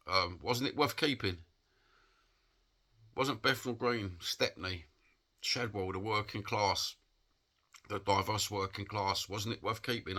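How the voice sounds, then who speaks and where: A man's voice: low voice, bright, forceful tone. A man with a Cockney accent from England, giving an impassioned, rambling opinion monologue for his vlog. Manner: impassioned, rambling, plain-spoken. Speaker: vlogger.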